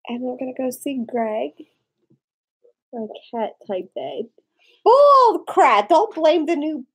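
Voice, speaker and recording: A woman's voice: a little high, warm tone, husky, rough recording. A drunk woman in her forties hosting a casual live stream, rambling, giggling and reacting to viewer comments.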